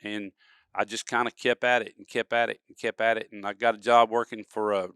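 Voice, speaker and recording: Recorded with a studio-quality podcast mic, with clean tone and no room sound, a man with a fairly low, flat-pitched, slightly bright voice talks a little fast. He's a guest and duck-calling expert telling folksy stories and acting out examples in casual conversation.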